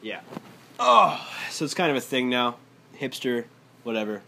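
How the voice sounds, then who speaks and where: A young man chatting as a podcast guest, telling rambling, animated stories full of fillers. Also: mid-range voice, normal speed, vocal fry, a little hiss or hum. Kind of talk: casual chat.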